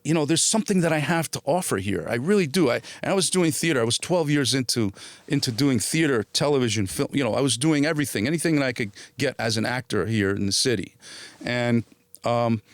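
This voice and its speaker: A man's voice: mid-range voice, lively intonation, fast talker, dry recording. A middle-aged man, an actor, telling stories in a casual interview. He acts out quoted dialogue as he goes, restarts often and swears casually.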